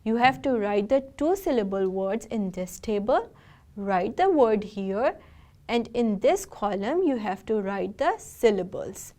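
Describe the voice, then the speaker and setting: A woman teacher, giving a recorded video lesson. She speaks patiently and directly to her students and spells out words slowly. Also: medium pitch, animated, dark tone.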